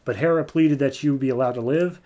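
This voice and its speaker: A man's voice: medium pitch, a little fast, dark tone, close to an everyday voice. A man doing a polite nervous scientist. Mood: explaining.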